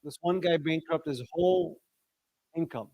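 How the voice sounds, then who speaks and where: Middle-aged male discussion leader, lively, questioning delivery, dry close sound. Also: unhurried, no room sound, lo-fi sound. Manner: lively, asks the audience questions, shifts pitch sharply for emphasis. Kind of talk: religious talk to an audience.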